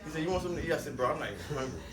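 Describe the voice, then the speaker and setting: A man telling a story in a casual podcast chat, animated and acting out the voices of the people in it. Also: on the high side, rapid-fire, over a noisy crowd. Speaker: podcast guest.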